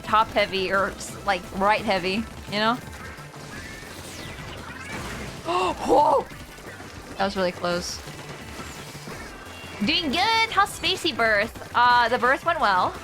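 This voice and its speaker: A woman's voice: fairly high pitch, sing-song, slow pace, long pauses. A young woman streaming a game, chatting with her viewers, emotional and teary, laughing often. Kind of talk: casual live game stream chat. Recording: music playing behind the voice.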